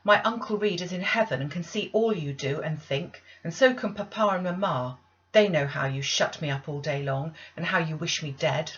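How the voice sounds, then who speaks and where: A woman voicing a defiant, angry young orphan girl who bursts out loudly. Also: low voice, big pitch swings, quick pace, few pauses, highs cut off. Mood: accusing. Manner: bursting out, loud and accusing.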